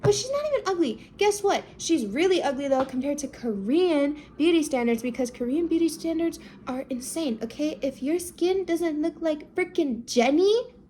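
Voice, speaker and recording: A woman's voice: normal speed, slight background noise. A young woman recapping a drama in a casual, chatty way, peppering her talk with "like" and "okay" and jumping into voices for the people she quotes. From United States. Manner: animated, jumps into high-pitched voices for quoted people.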